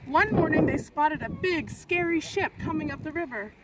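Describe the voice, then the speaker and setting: A woman teacher reading a picture book aloud to children in a lively voice, outdoors on a windy clifftop. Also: high voice, normal speed. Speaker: elementary school teacher. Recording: loud wind noise outdoors.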